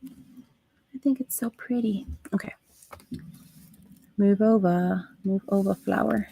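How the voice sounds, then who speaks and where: A woman hosting a live crafting stream, chatting to her viewers as she works, with soft asides under her breath. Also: mid-range voice, takes it slowly, creaky, pauses often, slight background noise. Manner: talks to chat viewers while working, soft asides. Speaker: craft livestream host.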